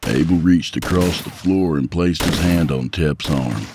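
Brief: grave male narrator, extremely low voice, gunfire effects behind. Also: measured pace, hardly any pauses, background noise. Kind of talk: dramatic audiobook narration.

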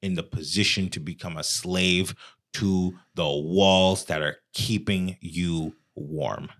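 A man co-hosting a podcast, talking in a slow, emphatic, laid-back way. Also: sits low, steady tone, a bit bright. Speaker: podcast co-host. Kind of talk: casual chat.

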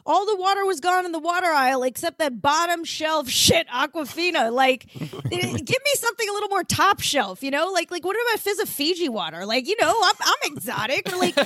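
A woman's voice: extremely high pitch, sing-song, fairly quick, pushed and bright. A woman in her thirties from Florida, a guest comedian doing a playful stand-up bit on a podcast and laughing at her own jokes. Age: 30s.

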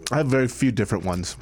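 A man's voice: medium pitch, a little mellow, a little hiss or hum. A man co-hosting a food vlog, chatting casually and joking at his own expense. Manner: joking, self-mocking, quick to laugh. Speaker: vlog co-host. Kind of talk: casual chat while eating.

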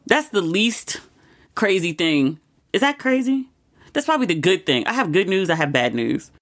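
Woman, 40s, podcast host with a middle-range voice, candid and chatty, full of quick asides. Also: medium pitch. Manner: chatty and expressive, quick asides, laughs often. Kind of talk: candid personal storytelling.

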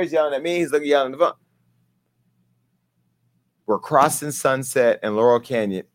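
Guy hosting a gossip show, brash and blunt, bit higher voice, aave, cracking jokes. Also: fairly bright tone. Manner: brash, candid, comedic storytelling. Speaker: talk show host. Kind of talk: gossip commentary.

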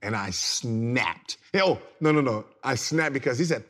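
Man, thirties, podcast guest, casual slang, lively storytelling, loud bursts, laughs easily. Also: medium pitch, moderate pace. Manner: animated, slangy, repeats words, gets loud and laughs while telling stories. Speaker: podcast guest, former pro basketball player.

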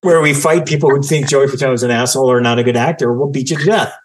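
A man's voice: mid-range voice, fast, background noise. A man co-hosting a podcast in casual chat, riffing and joking over a video call. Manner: jokey, animated, riffing. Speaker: podcast co-host.

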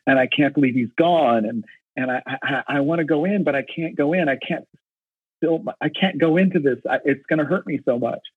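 A man retelling the words of a grieving older woman fan, speaking in his own husky voice over a phone-like line. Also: on the high side, brisk, no echo. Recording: dry, narrow phone-like line.

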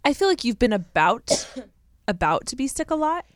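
A woman's voice: a little high, very animated, normal speed, no echo, studio quality. A young woman co-hosting a podcast, chatty and giggly, with lots of fillers. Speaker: podcast co-host. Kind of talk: casual chat.

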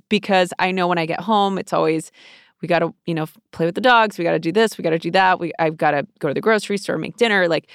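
A woman's voice: on the low side, fast, no echo, clean studio sound. A woman co-hosting an advice chat, talking earnestly and coaching through feelings. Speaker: co-host giving advice.

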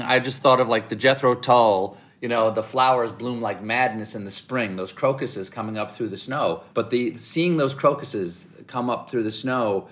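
A middle-aged man from the American South, a guest in an interview, telling animated stories and acting out the voices he quotes. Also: medium pitch. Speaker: interview guest, comedic actor. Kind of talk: casual interview storytelling.

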